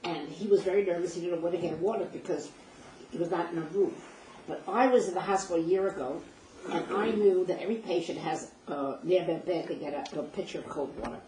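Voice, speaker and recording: A woman's voice: on the low side, fairly quick, mellow. Older woman telling a story in a roomy space. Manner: vivid, emotional retelling with reenacted dialogue. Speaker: speaker sharing personal memories. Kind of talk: first-person storytelling. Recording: roomy distant mic with faint noise.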